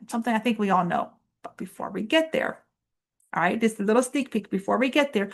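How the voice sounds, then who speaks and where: A woman hosting a preschool lesson, leading chants and reading aloud to children in an encouraging call-and-response way. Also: fairly high pitch. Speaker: preschool teacher host.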